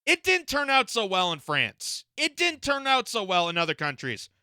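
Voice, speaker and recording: A man's voice: sits high, huge pitch swings, moderate pace, sharp tone, clear, resonant tone, no room sound, clean studio sound. A man from Canada giving indignant reaction commentary, firing off rhetorical questions with frequent fillers. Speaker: political commentator.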